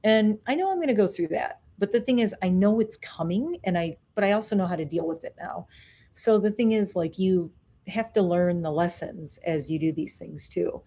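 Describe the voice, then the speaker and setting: Mellow-voiced woman rambling on a live stream. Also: lowish voice, moderate pace. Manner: rambling, self-correcting storytelling. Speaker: vlogger. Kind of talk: casual live-stream chat. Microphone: webcam or phone on a live stream.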